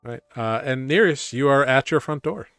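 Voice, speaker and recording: A man's voice: mid-range voice, normal speed, fairly bright tone, clear, resonant tone, dry recording, faint music behind. A man narrating a tabletop game as game master, casual and rambling with many fillers.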